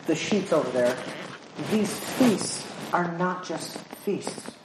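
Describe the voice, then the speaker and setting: A woman preaching a sermon in a church, animated, acting out crowd chatter and reading scripture aloud. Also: fairly low pitch, slow pace, background noise. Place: church sanctuary. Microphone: handheld or stand mic. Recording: echoey church room.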